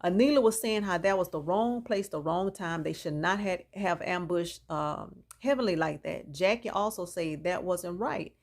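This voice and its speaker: A woman's voice: fairly low pitch, normal speed, hardly any pauses. A woman chatting through a reality TV episode recap, opinionated and gossipy, talking straight to her viewers. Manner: opinionated, chatty, mixes in reactions. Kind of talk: casual gossipy show recap.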